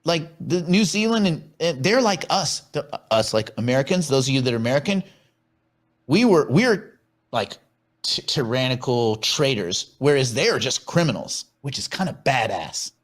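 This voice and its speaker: A man's voice: mid-range voice, sing-song, normal speed. A man co-hosting a casual chat show, joking and teasing his co-host.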